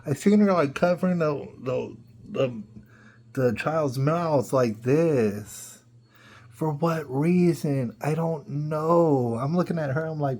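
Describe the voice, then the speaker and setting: A man's voice: fairly high pitch, normal speed, mellow. A man hosting a podcast, telling a casual story in an incredulous way, full of rhetorical questions and repeats. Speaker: podcast host.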